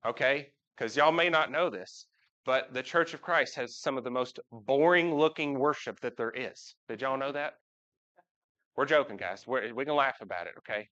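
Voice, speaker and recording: This lo-fi recording catches a preacher with a bright, forceful, mid-range voice. Delivering a casual sermon in a church sanctuary, he's folksy and conversational, regularly asking the congregation questions.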